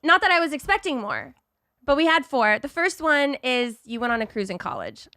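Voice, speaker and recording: A woman hosts a podcast in a playful, upbeat tone. Her voice is bright and a little high. The recording is dry and close. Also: big pitch swings, moderate pace, dry recording. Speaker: podcast host. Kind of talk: casual chat.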